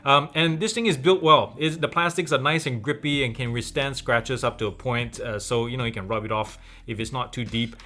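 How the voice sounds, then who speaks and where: A man's voice: mid-range voice, a little fast, few pauses, bright, forceful tone. A man from Malaysia hosting a tech show, walking through a product in a chatty, explanatory way. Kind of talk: casual product review.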